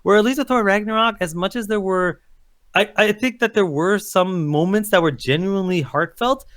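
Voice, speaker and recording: A man's voice: sits high, moderate pace, fairly bright tone. A man co-hosting a casual pop-culture podcast, ranting heatedly, cursing and acting out quotes. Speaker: podcast co-host.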